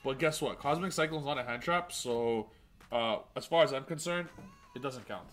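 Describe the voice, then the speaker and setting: A man's voice: mid-range voice, moderate pace, a bit bright, soft background music. A man hosting a gaming channel, giving hyped, boastful replay commentary of card game matches, full of trash talk and self-mocking jokes.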